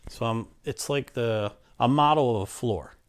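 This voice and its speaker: A man telling a personal story in a casual, animated way, with many fillers and restarts and acted-out quotes. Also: medium pitch, moderate pace, clear, resonant tone. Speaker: interviewee telling his story.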